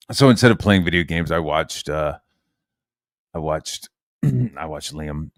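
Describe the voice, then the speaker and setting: A man's voice: very deep voice, animated, slow, no room sound, clean studio sound. A man streaming from his room, ranting casually and swearing a lot. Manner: profane and heated, lots of swearing.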